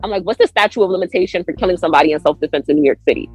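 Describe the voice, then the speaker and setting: A woman guest on a podcast telling a story in an animated way. She acts out her own lines with big jumps in pitch and laughs often. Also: racing, husky, no echo, faint music behind, low-quality recording.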